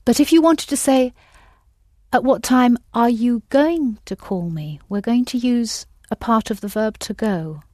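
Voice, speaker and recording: A woman's voice: a little high, unhurried, a little mellow, no echo, studio quality. A woman teaching a language lesson, patiently prompting her students with questions.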